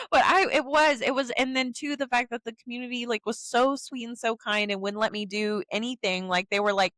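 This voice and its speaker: Brief: young woman, podcast co-host, lively storyteller who voices the people she quotes, dry close sound. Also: fairly high pitch, brisk, no echo. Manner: animated storyteller, acts out quotes in changed voices. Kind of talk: casual chat.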